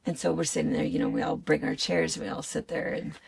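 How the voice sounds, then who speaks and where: A woman's voice: deep voice, fast talker, creaky, husky. An older woman and grandmother, chatting casually and telling funny family stories with lots of laughter. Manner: animated storytelling, laughs often. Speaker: shop owner and co-host. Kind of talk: casual chat.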